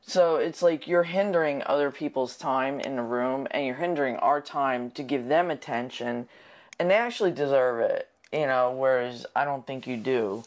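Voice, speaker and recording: A woman's voice: very deep voice, normal speed. A woman co-hosting a casual chat show, blunt and laughing often, swearing freely. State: sick. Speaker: podcast co-host.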